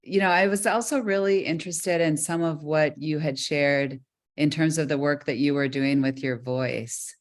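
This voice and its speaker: Gentle, encouraging interviewer. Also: mid-range voice, fairly even intonation, normal speed. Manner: gentle, encouraging, frequent affirmations. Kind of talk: conversational interview.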